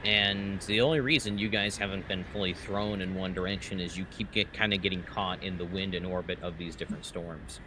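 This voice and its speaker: Man game master, low voice, slow descriptive narration, steady background noise. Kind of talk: narrating a tabletop game session.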